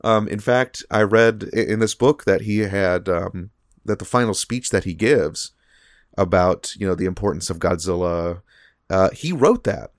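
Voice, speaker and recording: A man with a fairly low voice co-hosts a casual podcast. He rambles through his points with frequent fillers and restarts. The sound is dry and close. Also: a little slow, no room sound. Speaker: podcast co-host.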